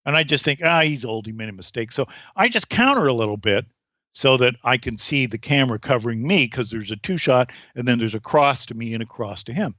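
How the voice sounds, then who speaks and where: Animated male storyteller, podcast guest, lively pitch, dry lo-fi recording. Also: brisk, no room sound. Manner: animated storyteller, acts out voices. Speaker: comedian guest. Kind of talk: podcast anecdote telling.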